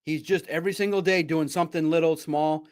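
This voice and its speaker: On a casual sports livestream, a man who works as a sports podcast host and reporter rambles and pokes fun at himself, often laughing at his own expense. His voice is fairly high, his intonation fairly even, and his delivery brisk.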